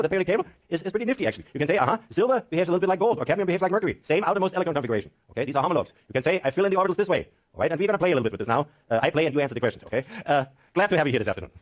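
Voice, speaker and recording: A man giving a chemistry lecture to a class, often asking the students questions and checking in with "okay?". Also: a little high.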